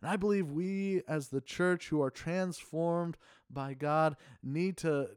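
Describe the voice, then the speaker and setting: A middle-aged man preaching a sermon in an earnest, measured way, asking the congregation rhetorical questions. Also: on the high side, darkish tone, smooth, no room sound, studio quality. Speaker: pastor.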